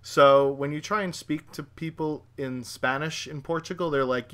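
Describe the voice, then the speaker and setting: Bright-voiced joking man. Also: fairly high pitch, normal speed, clean tone. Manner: joking, self-mocking, teasing. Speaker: channel host. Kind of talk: casual Q&A chat.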